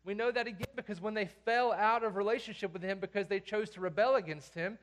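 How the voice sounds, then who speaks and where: A pastor with a notably high voice for a man delivers a sermon. He reads scripture aloud, drops to near-hushed intensity, then rises sharply into loud, commanding calls. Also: fast talker. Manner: emphatic preaching, swings from hushed to loud commands.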